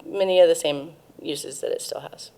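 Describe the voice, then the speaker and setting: Low, gravelly-voiced woman. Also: normal speed, warm tone. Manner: informative, frequent ums and restarts. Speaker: cannabis museum guest. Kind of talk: casual interview, explaining history.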